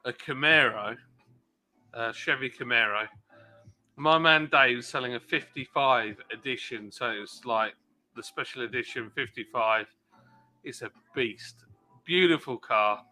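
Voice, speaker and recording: A man's voice: mid-range voice, measured pace, bright, forceful tone, soft background music. A man co-hosting a casual livestream chat, talking in a laid-back way about a car a friend is selling. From United Kingdom.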